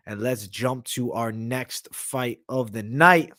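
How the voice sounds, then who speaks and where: He's an MMA analyst and livestream host with a mid-range, fairly bright voice, expressive and measured in pace. On his live MMA stream he reads viewer comments aloud and talks loosely with slang and swearing. He eats while talking, sometimes with his mouth full.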